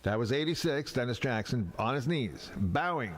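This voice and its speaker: A man's voice: normal speed, slight background noise. A man from Brooklyn, telling radio stories in a casual podcast chat and acting out the people he quotes. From Brooklyn, New York. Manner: animated, acts out quoted people with big pitch jumps. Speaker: radio veteran on a podcast panel.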